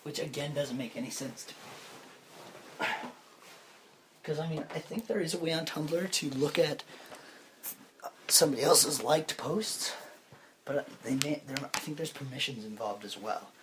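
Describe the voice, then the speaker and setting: A young man, sick with a cold, rambles through a casual podcast chat in a fairly high voice. He cracks dry jokes at his own expense. He is recorded on a phone lying on a table, with a faint hiss behind him. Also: moderate pace, pauses often, echoey room. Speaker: podcast co-host. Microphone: phone laid on a table.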